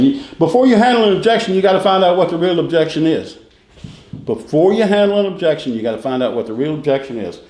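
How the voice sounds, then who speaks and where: A middle-aged man teaching a sales training class, repeating key phrases and quizzing the room with quick questions. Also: on the high side, darkish tone. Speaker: real estate sales instructor. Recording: echoey room with faint noise.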